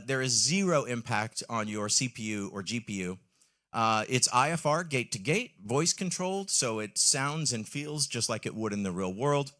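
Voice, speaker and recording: Presenting a product live on a trade-show stage, a man speaks enthusiastically in a mid-range, fairly bright voice. His talk is full of ums and questions aimed at the audience.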